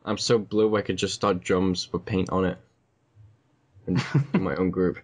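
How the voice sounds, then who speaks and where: A man's voice: deep voice, a little slow. A man joking and teasing his friends in casual chat over an online call. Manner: joking, playful, deadpan teasing. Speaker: co-host.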